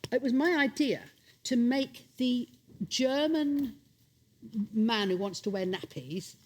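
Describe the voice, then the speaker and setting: A woman's voice: on the high side, slow pace, darkish tone, slight background noise. A middle-aged woman, chatting as a guest on a live stage show and telling stories full of voices and impressions. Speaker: comedy guest. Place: stage before a live audience.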